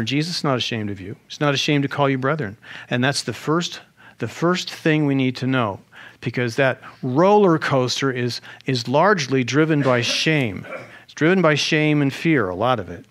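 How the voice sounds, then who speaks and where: A male pastor preaching a sermon in an animated way, with rhetorical questions and humorous asides. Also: mid-range voice, moderate pace.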